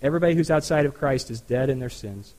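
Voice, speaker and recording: A man's voice: medium pitch, quick pace, a little mellow, low-quality recording. A man preaching a sermon to a congregation in an earnest, conversational way, often adding asides. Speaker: pastor. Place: church.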